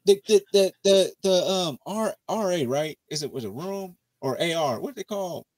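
A man hosting a casual TV review chat, animated, profane and mocking as he riffs on the episode. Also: sits high, normal speed. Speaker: TV show review podcast host.

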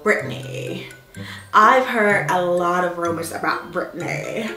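Woman doing a mumbling young gossip, low murmur, slow, echoey room. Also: pushed and bright, faint music behind. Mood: gossipy.

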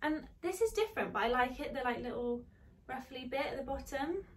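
A young woman describing dresses in a relaxed, hesitant way with many ums. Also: sits high, a little fast. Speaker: fashion vlogger. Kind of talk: casual haul chat.

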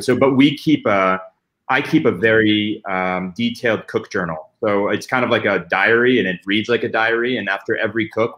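A man with a fairly low voice talks as a guest pitmaster in an easygoing panel chat. He explains at an unhurried pace and leans on frequent ums and uhs. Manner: relaxed, explanatory, with frequent fillers. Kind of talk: casual panel discussion.

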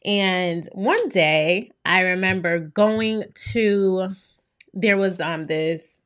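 A woman's voice: fairly low pitch, very slow. A young woman from New York hosting a podcast, telling a personal story in casual chat with lots of "like" and "right?". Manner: animated storyteller, frequent "like" and "right?". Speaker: podcast host.

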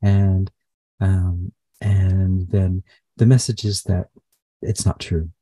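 A man channeler in a live session, speaking haltingly with many fillers and restarts. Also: deep voice, flat delivery, mellow, no room sound.

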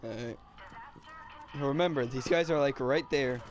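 A man's voice: medium pitch, a little slow. A young man chatting and joking while playing a co-op game with friends, often laughing and teasing. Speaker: gamer. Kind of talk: casual gaming chat.

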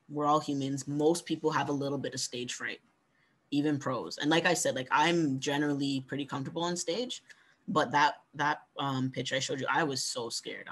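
A man giving a conversational workshop talk on pitching, coaching and encouraging, often ending points with "right?". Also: a bit bright. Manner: conversational, frequent "right?" tag questions. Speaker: workshop presenter.

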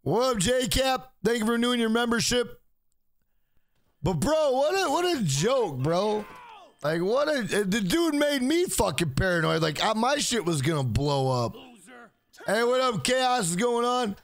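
A man streaming a video game live, swearing freely and loudly hyping up his donors. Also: very high-pitched, very animated, unhurried. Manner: profane, hyped, shouts out donors. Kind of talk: live gameplay stream chat.

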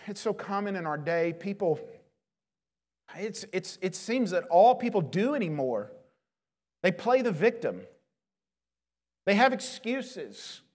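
A man's voice: high voice, big pitch swings, slow pace, long pauses, a little mellow. A male pastor preaching a sermon, earnest and emphatic, pleading with his listeners. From United States.

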